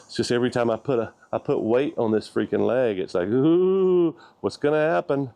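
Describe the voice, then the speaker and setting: A man's voice: on the low side, steady tone, vocal fry, dark tone, dry recording. Reflective man, dry close sound. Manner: halting, thoughtful, many restarts. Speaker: vlogger. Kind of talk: reflective personal update. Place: outdoors, walking.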